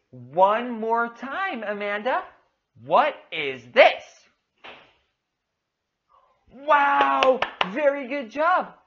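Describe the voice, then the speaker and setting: A rather high-voiced woman leads a young child through an English lesson, stretching every word out slowly. She piles on cheerful, sing-song praise and calls names out loudly. The recording sounds dull and a little muffled. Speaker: English teacher for young learners. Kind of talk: demo of a kids' English lesson.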